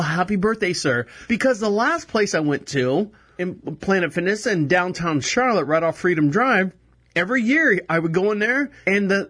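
A man's voice: high-pitched, fairly bright tone. A man hosting a live podcast in a small studio, rambling casually and laughing at himself, on a close headset mic. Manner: rambling, self-deprecating, laughs often. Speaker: podcast host. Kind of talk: casual live show monologue. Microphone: headphones with microphone close to face.

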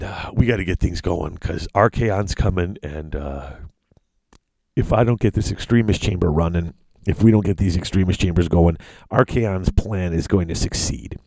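Guy doing a nervous wizard dude, kinda low, hesitant, dry sound. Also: creaky, darkish tone, dry recording, heavily acted. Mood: worried. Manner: hesitant, halting.

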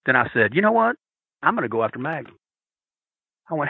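A man telling a story on a podcast, loud and profane, acting out the shouts of the crowd with laughter. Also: fairly high pitch, very animated, a little fast, creaky, long pauses, slightly rough, dry recording, phone-quality sound. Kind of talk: animated storytelling.

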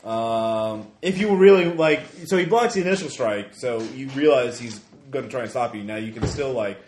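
A man running a tabletop game as game master, relaxed and hesitant, with many fillers. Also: medium pitch, normal speed, echoey room.

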